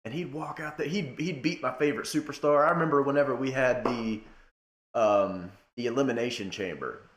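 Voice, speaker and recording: A young man giving a casual rant to camera, emphatic, swinging between loud outbursts and low muttering. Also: a little fast, roomy sound. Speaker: wrestling commentator.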